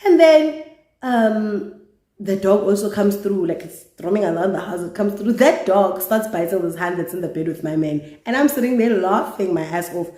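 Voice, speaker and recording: A young woman from South Africa with a South African accent, telling a storytime vlog in a lively, candid way with swearing. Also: mid-range voice, moderate pace. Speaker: YouTuber. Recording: roomy echo.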